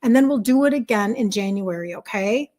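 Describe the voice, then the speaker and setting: A woman's voice: mid-range voice, lively intonation, fairly quick, dark tone. A middle-aged woman hosting a casual livestream as a health coach, upbeat and fired up, greeting viewers and reading their comments aloud.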